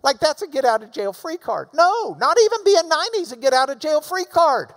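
A man preaching a sermon in a church. He talks emphatically, swinging between loud urging and quiet asides. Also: extremely high pitch, sing-song, a little fast. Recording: long reverb of a large hall.

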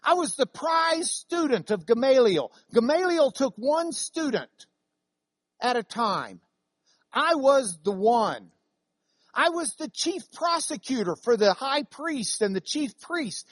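A woman voicing the apostle Paul as a bold, emphatic man, pitched up and louder in a dry classroom recording. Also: sing-song, takes it slowly, no room sound, heavily acted. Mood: proclaiming. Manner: emphatic, proclaiming, raised and louder.

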